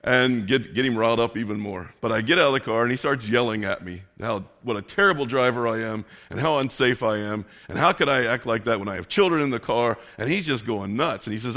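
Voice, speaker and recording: A male preacher at an ordinary middle pitch delivers his sermon like a relaxed conversation. He tells a personal story in a self-mocking way. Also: fairly quick, hardly any pauses. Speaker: pastor.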